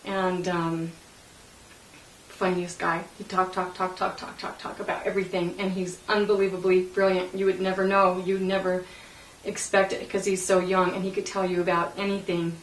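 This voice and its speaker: A woman interviewee recalling a painful memory, halting and emotional, with many fillers and laughing through tears. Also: lowish voice, flat delivery, slight background noise. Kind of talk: personal recollection in an interview. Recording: roomy, distant mic.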